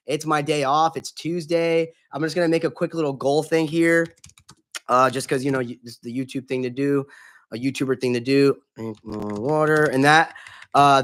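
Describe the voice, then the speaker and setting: On a casual gaming live stream, a man chats in an upbeat, chummy way, greeting viewers by name and swearing casually. His voice is fairly high and a bit bright.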